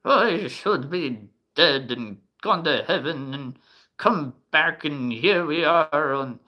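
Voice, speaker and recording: A man voicing a cranky, doddering elderly grandpa in a slow, quavering, grumbling manner. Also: on the high side, lively intonation, sharp tone, heavily acted, poor audio. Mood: grumpy.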